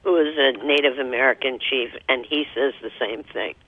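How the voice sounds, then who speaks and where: A man's voice: medium pitch, fairly even intonation, normal speed. A man hosting an interview, asking short questions and giving brief encouraging replies. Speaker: interview host. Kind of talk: conversational interview. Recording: dry tinny phone-line audio.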